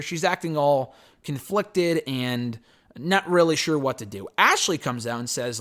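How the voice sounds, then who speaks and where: A man's voice: medium pitch, lively intonation, moderate pace, a bit bright. A man giving a loose, chatty spoken recap and review of a wrestling show. He swears casually and waves off details with "blah, blah, blah.".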